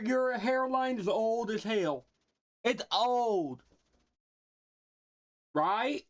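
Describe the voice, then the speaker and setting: Slow, teasing livestreamer woman. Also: a little high, muffled recording. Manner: teasing, mock-insulting, laughing at own jokes; talks to chat and a friend off-mic. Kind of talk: casual livestream roasting.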